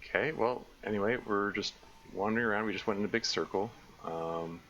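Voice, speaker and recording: Speaking a little fast, a man with a lowish, fairly bright voice rambles casually about a survival game during a live stream. He keeps self-correcting and stammering as he restarts sentences. It's captured on a slightly dull lo-fi mic with faint noise.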